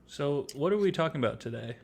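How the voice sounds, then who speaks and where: A man co-hosting a comedy podcast, steering topics in a relaxed, deadpan way. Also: fairly high pitch, quick pace, vocal fry. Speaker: podcast co-host. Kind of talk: casual comedy chat.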